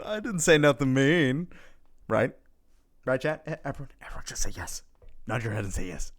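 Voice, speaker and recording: A man streaming live, chatting casually with his viewers, reading their messages aloud and greeting them in a playful way, with lots of giggling and sudden bursts of excitement. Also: mid-range voice, fairly quick.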